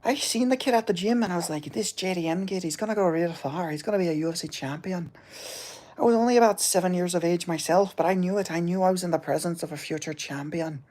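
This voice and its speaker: A man voicing a boastful, blustering gym trainer, speaking higher than his own voice. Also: fast, darkish tone, lightly acted.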